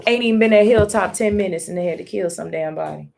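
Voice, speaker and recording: A woman reading a comic live on stream, reacting excitedly, swearing and calling out to her viewers. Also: mid-range voice, a little fast, gravelly, a little hiss or hum. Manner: excitable, exclaiming, swears freely, talks to viewers as y'all; reads comic dialogue aloud between reactions.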